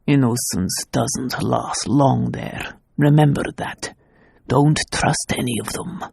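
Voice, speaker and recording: A woman voicing a gruff, protective middle-aged uncle in an audiobook, speaking gravely and bluntly. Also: slow pace, mellow, dry recording, studio quality, heavily acted. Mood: stern. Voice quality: low, gravelly and husky. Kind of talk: audiobook character voice.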